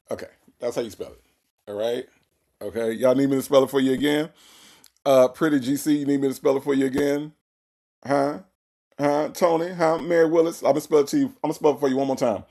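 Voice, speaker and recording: A man's voice: mid-range voice, animated, normal speed, a little mellow. A man hosting a reaction commentary show, mocking and teasing as he spells out words again and again. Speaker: host.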